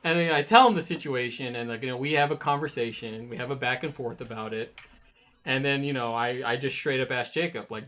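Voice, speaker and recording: A man telling a story in a casual studio chat, animated, with bursts of swearing as he acts out his own anger. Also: medium pitch, a little fast. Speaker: guest, web designer.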